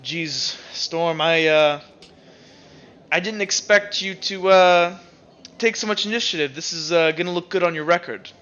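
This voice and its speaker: Guard captain NPC, GM's own voice lightly acted: fussy, polite, bright tone, lo-fi recording. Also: male voice, high-pitched, unhurried. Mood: cheerful. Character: bored but eager male guard captain.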